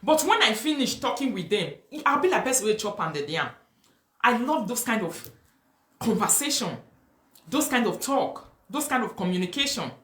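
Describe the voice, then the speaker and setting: A woman's voice: a little high, big pitch swings, moderate pace, fairly bright tone, echoey room. A woman with a Nigerian accent hosting a live talk show. She reads viewer comments and makes emphatic, preachy points, mixing Pidgin and English and repeating herself.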